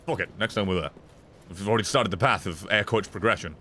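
A man's voice: fairly low pitch, fast, sharp tone, a little hiss or hum. A man streaming gameplay in casual commentary, swearing often, joking and laughing.

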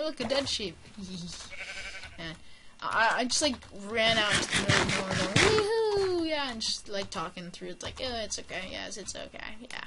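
A woman's voice: medium pitch, bright, forceful tone. A woman giving casual, playful let's-play commentary, rambling, joking at herself and giggling often. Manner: playful, giggly, rambling with self-mocking jokes. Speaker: gameplay commentator. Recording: noisy home mic with keyboard clicks.

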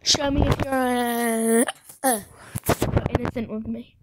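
A woman chatting casually with a friend while playing an online game for her video, excitable and giggly, with sudden shrieks. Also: a little high, a little slow, heavy background noise. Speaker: gaming video creator. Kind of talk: casual gameplay chat with a friend.

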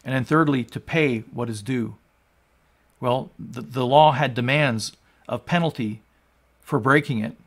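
A man in his sixties, a pastor preaching, moving from quiet teaching to loud, fervent proclamation. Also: medium pitch, measured pace. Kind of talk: sermon.

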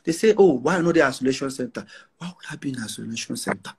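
A man's voice: medium pitch, animated, quick pace, a little mellow, slight background noise. A brash, defiant man with a Nigerian accent, talking boastfully in an interview and repeating phrases for emphasis. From northern Nigeria.

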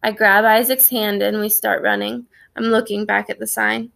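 A woman's voice: medium pitch, little pitch movement, normal speed, vocal fry, hardly any pauses, fairly bright tone. A woman narrating a children's story in the first person, reading expressively. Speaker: audiobook narrator.

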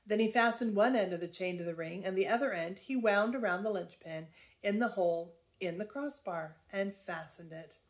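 An older woman, a grandmother, reading a children's book aloud in a lively, expressive way. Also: medium pitch.

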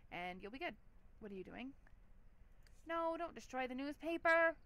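A woman's voice: high voice, animated, moderate pace, fairly bright tone. A woman hosting a let's play, giving chatty, giggly gameplay commentary with a lot of "like".

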